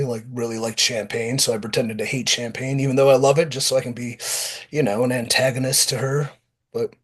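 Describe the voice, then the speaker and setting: Husky, blunt-talking man. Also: medium pitch. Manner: blunt, profane, animated storytelling. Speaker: pro wrestler guest. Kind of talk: casual interview talk.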